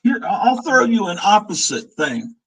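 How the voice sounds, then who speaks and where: A man's voice: high voice, sing-song, moderate pace, fairly bright tone, rough recording. A man in his fifties hosting a casual live-stream chat, rambling and opinionated, chuckling as he reminisces. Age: 50s. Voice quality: husky. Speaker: show host.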